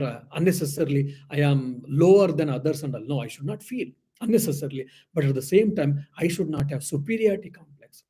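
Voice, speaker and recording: A man's voice: fairly high pitch, warm tone, husky. A man, a swami, giving an earnest spiritual discourse that explains scripture and poses rhetorical questions.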